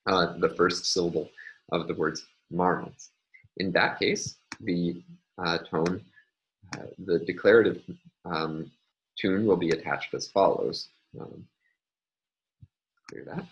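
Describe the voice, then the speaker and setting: A male linguistics lecturer explaining step by step in a measured, recorded lecture, with frequent filler words. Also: sits low, a bit bright, slight background noise, rough recording.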